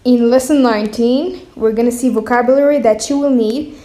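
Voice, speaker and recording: A woman teaching beginner vocabulary, saying each word slowly and repeating it, often checking in with "okay?". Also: fairly high pitch, mellow. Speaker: language teacher. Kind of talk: slow vocabulary lesson with repetition.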